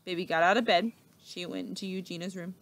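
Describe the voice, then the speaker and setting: A teacher reading a children's book aloud with expressive, steady storytelling. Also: female voice, on the low side, fast talker.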